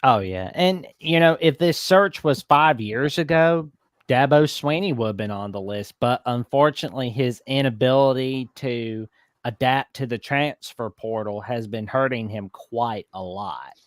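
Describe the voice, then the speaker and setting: Dry-miked animated sports talk man. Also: mid-range voice, a little slow, dry recording. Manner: animated, mock-scolding asides. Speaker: college football show host.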